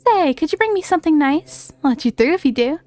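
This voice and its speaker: A woman's voice: high voice, expressive, quick pace, darkish tone. A woman voicing a vain, demanding swamp fairy who speaks in a haughty, teasing way in a video game.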